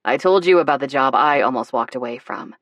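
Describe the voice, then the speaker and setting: A woman narrator voicing a blustering but tender grown man in an audiobook, gruff and teasing. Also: rumbling low, animated, brisk, no room sound. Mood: earnest.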